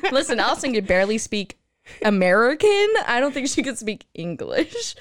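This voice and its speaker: A woman with a Texan accent co-hosting a casual paranormal podcast, bubbly and quick with jokes. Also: fairly high pitch, very animated, dry recording, studio quality. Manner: bubbly, jokey. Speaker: podcast co-host. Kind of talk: casual chat.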